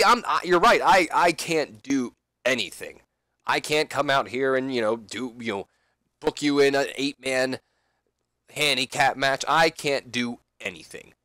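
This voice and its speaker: A man voicing a smug, taunting veteran male wrestler with a slow, teasing delivery. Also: mid-range voice, sharp tone, no echo, clean studio sound.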